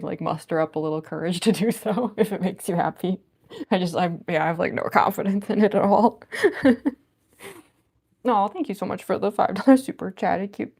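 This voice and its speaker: A woman's voice: fairly low pitch, vocal fry, darkish tone. A woman chatting casually on a livestream, reading viewer comments aloud and giggling often. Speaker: cosplayer livestreamer.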